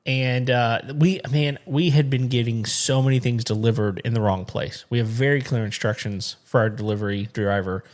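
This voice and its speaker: A man's voice: mid-range voice, steady tone, normal speed, few pauses. A man co-hosting a home show, chatting casually and acting out both sides of a phone call as he tells a story, often laughing. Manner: laughs often while telling stories. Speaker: podcast co-host. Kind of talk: casual chat.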